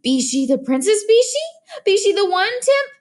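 A woman's voice: very high-pitched, big pitch swings, moderate pace, pitched above the performer's own voice. A woman voicing a reverent male giant cockroach who speaks in strange, twisted grammar. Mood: eager. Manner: breathless awed speech, strange syntax.

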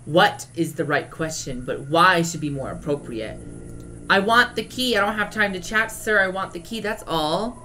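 A drag performer putting on an earnest young girl, pitched up and pleading. Quick, eager lines come over soft music behind a game stream. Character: young girl searching for her lost cat.

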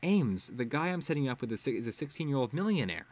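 A man's voice: medium pitch, very animated, quick pace, pitched above the performer's own voice. A man voicing a blunt, hot-tempered teenage superheroine in a read-aloud web serial. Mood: bickering. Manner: blunt, threatening.

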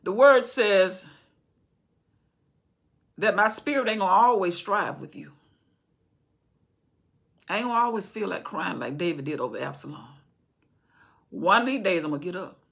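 A woman explaining a Bible chapter, swinging between loud preaching and hushed whispers. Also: medium pitch, lively intonation, normal speed, creaky, pauses often, breathy edge. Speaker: Bible teacher.

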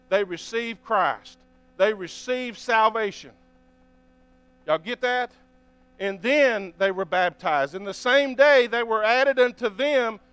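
A man's voice: extremely high pitch, fairly bright tone, smooth, dry recording. A man preaching a sermon as pastor, reading scripture aloud and often asking the congregation for an amen. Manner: reads scripture aloud between remarks.

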